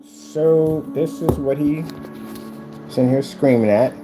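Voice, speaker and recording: A man's voice: on the high side, takes it slowly. A man hosting a confrontational commentary rant, taunting and repeating himself. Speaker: channel host. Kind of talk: ranting commentary video. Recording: echoey room with music behind.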